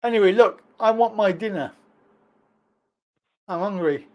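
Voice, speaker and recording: A man's voice: sits high, a little slow, darkish tone. A man hosting a casual livestream chat, laid-back and teasing with his callers. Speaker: livestream host.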